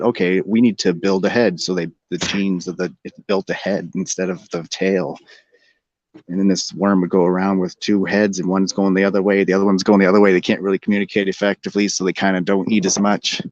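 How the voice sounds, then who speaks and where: Low-voiced man rambling loosely. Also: dry recording. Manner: rambling, meandering, laughs often, breaks into silly high sing-song. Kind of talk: casual rambling chat. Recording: dull, dry lo-fi sound.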